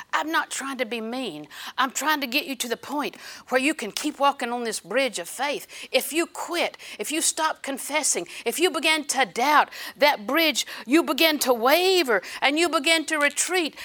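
A middle-aged woman preaching a sermon in an animated way, acting out little scenes and laughing. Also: high voice.

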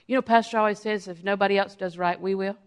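Speaking fast and clearly, a middle-aged female preacher delivers her sermon like a conversation, performing quotes of her own everyday remarks. Her mid-range voice is steady and resonant.

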